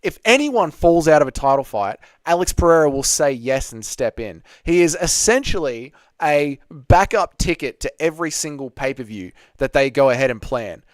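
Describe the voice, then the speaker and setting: Lively man hosting a stream. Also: fairly high pitch, normal speed, few pauses, no echo, studio quality. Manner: bantering, reads chat questions aloud then answers. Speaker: livestream host reading chat. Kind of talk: casual livestream Q&A.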